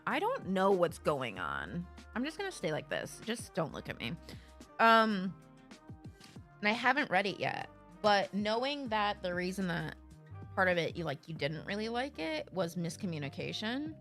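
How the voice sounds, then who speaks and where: Lively, bright-voiced woman streamer. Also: mid-range voice, moderate pace, faint music behind. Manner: animated and blunt, swears freely. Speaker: live streamer. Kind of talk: casual live-stream chat with viewers. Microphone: streaming microphone.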